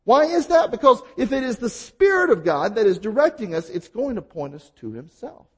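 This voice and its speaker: Guy preaching a sermon, pretty high voice that jumps around a lot, lots of questions to the crowd. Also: very animated, moderate pace, slightly rough. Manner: emphatic, rhetorical questions, varied delivery. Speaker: pastor.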